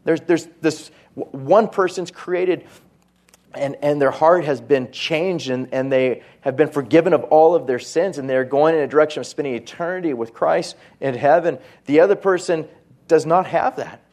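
A pastor preaching a sermon in a conversational way, with asides and quoted voices. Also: male voice, a little high, moderate pace, a little mellow.

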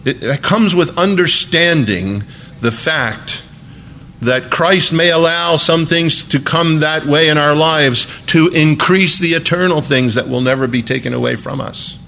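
A man's voice: fairly high pitch, measured pace, gravelly, pushed and bright, a little hiss or hum. A man preaching a sermon as a pastor, in a conversational, folksy way with emphatic asides.

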